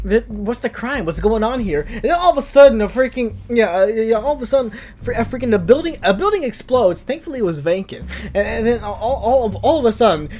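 A man's voice: high voice, darkish tone. Rambling man telling a story. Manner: rambling, many restarts and fillers. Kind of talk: improvised comic storytelling.

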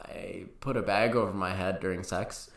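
A young man co-hosting a podcast in casual chat, cracking dry, deadpan jokes. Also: low-pitched, normal speed, gravelly, a little hiss or hum. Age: young adult. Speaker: podcast co-host. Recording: roomy echo.

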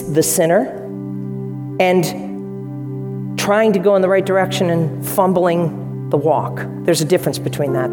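A woman preaching a sermon in a church hall, speaking earnestly and directly to her congregation. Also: on the low side. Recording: long hall reverb, faint music behind.

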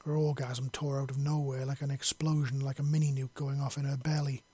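Husky man reading a story aloud. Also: mid-range voice, little pitch movement, brisk, dark tone, dry recording. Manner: unpolished reading with slips and restarts. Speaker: story reader. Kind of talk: reading his own fiction aloud.

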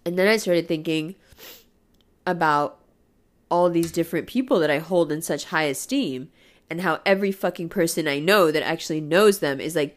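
A woman's voice: low voice, normal speed. A woman in a candid personal monologue, emotional and raw, swearing freely, laughing and tearing up by turns.

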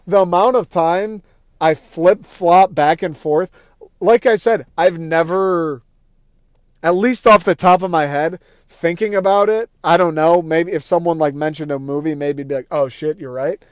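A young man talks through a movie in a loose, excitable ramble, swearing as he goes and jumping into little acted-out reactions. His voice sits a bit high and comes across smooth and clean. It sounds dry and close, with no room around it. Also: unhurried, no echo. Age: young adult. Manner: rambling, excitable, profane, acts out quoted thoughts. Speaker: podcast host. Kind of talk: casual movie review monologue.

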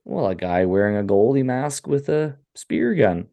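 A man co-hosting a podcast, his voice lowish and warm with lively intonation, recaps a horror film casually and profanely. He tells it in a loose, crude, joking style, quickly acting out what the characters say.

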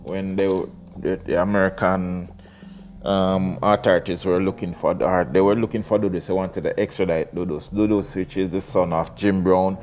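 Deep-voiced man musing aloud. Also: darkish tone, a little hiss or hum. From Jamaica. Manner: rambling, many repeated words and restarts. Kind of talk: casual talk mixed with reading aloud.

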